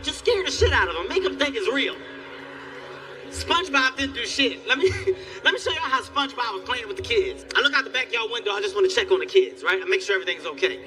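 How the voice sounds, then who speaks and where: A man doing stand-up comedy, telling a profane story in an animated, exasperated way. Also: very high voice. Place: live comedy venue. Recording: distant live stage recording with faint music.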